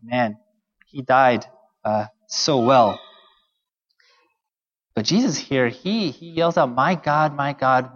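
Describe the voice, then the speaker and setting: A man delivers an earnest sermon in a conversational way, his voice sitting a bit high. The sound is muffled and carries a long reverb from a large hall. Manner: earnest, conversational preaching with fillers. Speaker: pastor.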